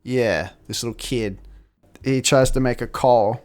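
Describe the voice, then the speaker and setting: Brief: a male podcast co-host in a mid-pitched voice, casual and profane, who acts out the scenes as he tells them. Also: a little slow. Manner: profane, animated retelling. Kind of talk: casual film recap.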